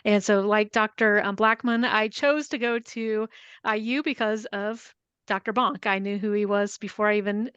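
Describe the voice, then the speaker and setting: A woman who directs an online learning center, presenting her dissertation research to an online class in a steady, organized way. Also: mid-range voice, moderate pace, clear, resonant tone, no echo, dull audio.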